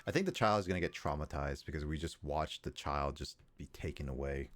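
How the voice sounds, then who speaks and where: A man's voice: rumbling low, fairly quick, a bit bright, soft background music. A man livestreaming a game from home, chatting casually in a rambling, stop-start way with his viewers. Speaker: livestreaming gamer. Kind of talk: casual chat while playing. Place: home room, fan running.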